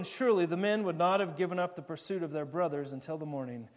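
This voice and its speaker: A man preaching in a casual, jokey way, retelling a scripture story with quick voiced asides. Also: high voice.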